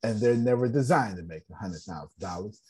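A man's voice: lowish voice, lively intonation, a little fast, a little mellow, breathy edge. A man coaching an online business meeting in a blunt, joking way, repeating his phrases with a preacher-like rhythm. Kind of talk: animated motivational talk.

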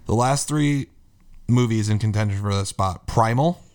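Lower-pitched man, blunt and sweary. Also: moderate pace, darkish tone, smooth. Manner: blunt, swears freely, lays out his case. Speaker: podcast co-host. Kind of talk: casual chat.

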